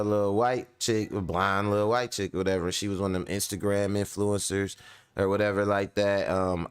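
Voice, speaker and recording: A man's voice: on the low side, clear, resonant tone. A man hosting casual reaction commentary, telling stories in loose slang with many fillers. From Kenya. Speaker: commentary host.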